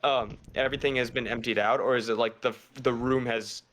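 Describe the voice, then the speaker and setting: A man playing a tabletop role-playing game, talking quickly and asking clarifying questions. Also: medium pitch, fairly even intonation, a bit bright. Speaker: player.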